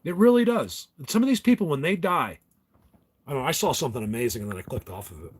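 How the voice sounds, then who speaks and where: A man's voice: on the high side, animated, quick pace, slightly rough. A man hosting a casual livestream, rambling and ranting to his viewers with frequent restarts. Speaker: livestream host.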